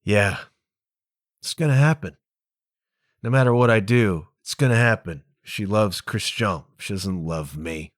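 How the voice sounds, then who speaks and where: A man voicing an anguished noble male poet in love, speaking low and pained as he retells a play. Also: measured pace, no echo, clean studio sound, natural voice. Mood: resigned.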